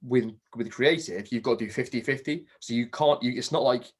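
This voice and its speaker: A man's voice: mid-range voice, a little fast, slightly rough. A man hosting a podcast in casual chat, talking frankly with frequent swearing and restarts. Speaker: podcast host. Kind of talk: casual conversation.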